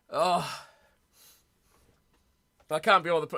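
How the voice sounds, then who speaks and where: A young man rambles and reacts aloud to his chat, excitable and chatty. His voice sits high and sounds bright and lively. He talks casually, like a live streamer at home. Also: moderate pace, pauses often. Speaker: streamer hosting a rugby watch party. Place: home room.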